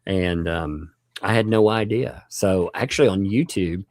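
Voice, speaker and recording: A man's voice: deep voice, measured pace, a little mellow, no room sound, clean studio sound. A man hosting a livestream, chatting casually, thanking viewers and laughing often. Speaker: livestream host.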